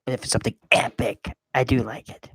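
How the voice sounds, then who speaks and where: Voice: medium pitch, fairly even intonation, fast, fairly bright tone, husky, dry recording. A young gamer rambling in casual gameplay commentary, talking to himself and the audience, recorded close on a microphone.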